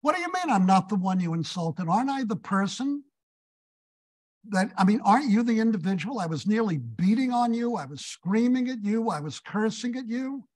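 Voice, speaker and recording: A man's voice: high voice, lively intonation, normal speed, voice pushed up. A man voicing remorseful train passengers in a told story, pleading and insistent.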